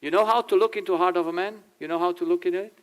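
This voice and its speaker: A man's voice: high voice, racing. An older man, a German-speaking family therapist, talks to a church audience in English, laughing and acting out little dialogues. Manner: animated, laughing, acts out dialogue in changing voices. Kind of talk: informal talk with acted quotes.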